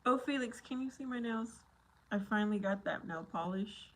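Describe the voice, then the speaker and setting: A woman's voice: mid-range voice, normal speed. A woman hosting a casual live chat, talking to her viewers by name, playful and laughing often. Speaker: livestream host.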